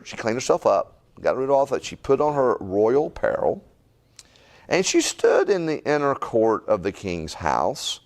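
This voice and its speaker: Brief: middle-aged man, pastor, lively swooping delivery, folksy asides, keeps asking "right?". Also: mid-range voice, normal speed. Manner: animated, folksy, repeats words and asks "right?". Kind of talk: conversational Bible-study sermon.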